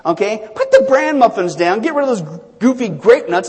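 A pastor preaching a sermon in an animated, joking way, repeating phrases for emphasis. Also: male voice, sits high, moderate pace, hardly any pauses, breathy edge, long reverb tail.

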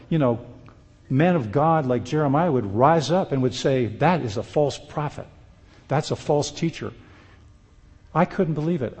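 A man's voice: a little high, a little mellow. Male preacher, earnest warning sermon, scripture quotes, hall reverb.

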